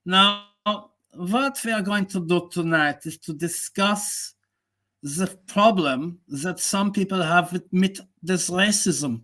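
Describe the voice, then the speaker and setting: A man putting on a German accent, playing a pompous German man who speaks slowly and formally. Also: high-pitched, bright, forceful tone, pitched above the performer's own voice, full character voice. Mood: mock-formal. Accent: put-on German.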